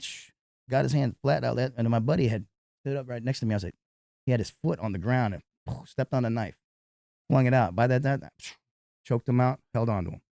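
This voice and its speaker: A man who works as a nightclub bouncer tells a fight story in an interview, animated and profane. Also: mid-range voice, vocal fry, no room sound, studio quality.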